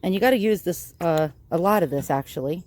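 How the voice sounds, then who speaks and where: A woman's voice: fairly low pitch, expressive, brisk, a little mellow. A woman casually narrating her furniture restoration vlog, chatty and self-deprecating, with lots of ums and uhs. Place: outdoors in sunlight.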